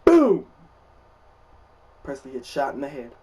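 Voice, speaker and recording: A young man spins a dramatic story in a casual vlog, animated and loud, his voice jumping up when he quotes himself. His pitch sits in a middling range. He sounds a little distant from the microphone. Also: unhurried, a little hiss or hum. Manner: animated, loud, rising to shouts in quoted lines.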